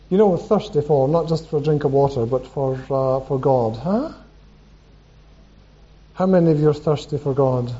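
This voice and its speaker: A man's voice: a little high, lively intonation, moderate pace, mellow. A man preaching a sermon, reading scripture aloud and asking the congregation questions. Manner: reads scripture aloud, asks the room questions. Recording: dull lo-fi recording.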